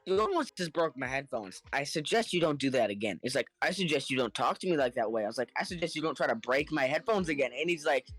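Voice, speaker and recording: A man telling a story in casual podcast chat, animated and acting out the people in it, laughing now and then. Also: mid-range voice. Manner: animated, acts out the other people in his story; laughs between lines.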